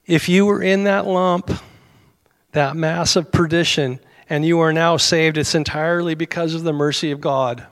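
A man's voice: fairly high pitch, steady tone, moderate pace, fairly bright tone. A middle-aged American man preaching a sermon in a conversational way, with asides to his congregation and small chuckles. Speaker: pastor.

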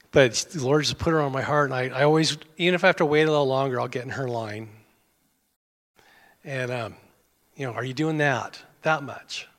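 A man's voice: medium pitch, fairly bright tone. A man preaching a sermon as pastor, folksy and conversational with self-deprecating humor. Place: church sanctuary. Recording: long hall reverb.

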